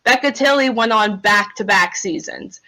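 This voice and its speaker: A woman co-hosting a podcast, talking fast and with animation in casual chat, saying "like" often. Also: medium pitch, bright, forceful tone, poor audio. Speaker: podcast co-host.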